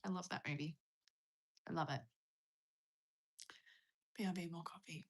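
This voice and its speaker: A woman's voice: fairly low pitch, fairly even intonation, measured pace. A young Australian woman hosting a casual livestream, chatting in a rambling, self-mocking way while she reads out viewer comments. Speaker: livestream host.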